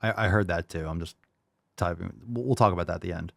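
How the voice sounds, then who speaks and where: A man's voice: low voice, fast, gravelly, fairly bright tone, dry recording, clean studio sound. A man hosting a reaction commentary, blunt, profane and mocking. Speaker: host.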